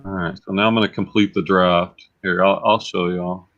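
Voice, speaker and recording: A man's voice: low voice, flat delivery, normal speed. A man hosting a casual livestream, chatty and repeating words as he thinks aloud. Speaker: livestream host and reseller. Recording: slightly dull lo-fi sound.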